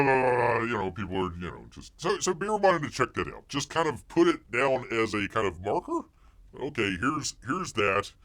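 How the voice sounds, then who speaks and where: A man's voice: lowish voice, fairly bright tone. A middle-aged man hosting a live stream, rambling through movie news and chat comments while calling himself by a nickname in the third person and playing up mock outrage.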